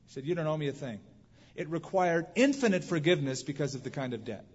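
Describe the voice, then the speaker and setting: Male pastor, fairly high voice with a husky edge, animated storyteller, sermon in a reverberant church hall, dull lo-fi capture. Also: quick pace. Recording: muffled hall recording with long reverb.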